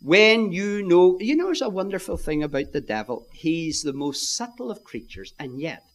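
A man's voice: high-pitched, sing-song, moderate pace. A man preaching a sermon, earnest and emphatic, addressing the congregation directly.

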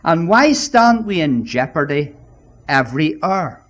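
Guy preaching a sermon, slow and emphatic, kinda high voice for a man. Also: very animated, a bit bright. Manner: addresses listeners as "my friends".

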